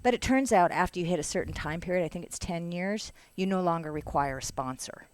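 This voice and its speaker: A middle-aged woman from Canada, a podcast guest, telling an animated story in casual chat and acting out the voices of others. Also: fairly low pitch, fast.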